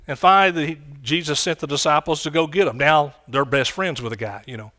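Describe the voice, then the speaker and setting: A man preaching a sermon, swinging from quiet, low lines to loud, shouted ones. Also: fairly quick, hardly any pauses. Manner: impassioned, rising to shouts and dropping low.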